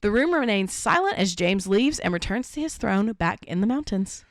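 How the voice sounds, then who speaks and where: A woman's voice: medium pitch, lively intonation, moderate pace, no room sound. A woman co-hosting a podcast, reading a fan story aloud and often breaking into laughter. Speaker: podcast co-host.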